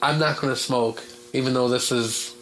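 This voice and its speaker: Hoarse man hosting a radio chat. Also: mid-range voice, normal speed, slight background noise, rough recording. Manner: blunt and swearing, animated in argument. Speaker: radio show host. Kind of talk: casual chat. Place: small home studio.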